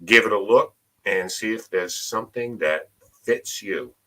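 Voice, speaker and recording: A man with a very low voice and a bright, forceful edge rolls through a show lineup in easy, relaxed chat. He is the co-host, plugging upcoming episodes with loose, unhurried patter. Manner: relaxed, plugs upcoming shows.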